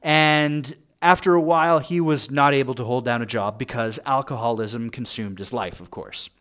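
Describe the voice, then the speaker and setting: A man's voice: medium pitch, moderate pace, fairly bright tone. A man hosting a podcast, telling a true-crime story in a casual, chatty way and often checking in with "right?".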